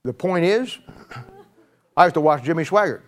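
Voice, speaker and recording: Man in his 60s, preacher, folksy sermon, joking and rambling, frequent restarts, slightly raised pitch. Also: expressive, normal speed.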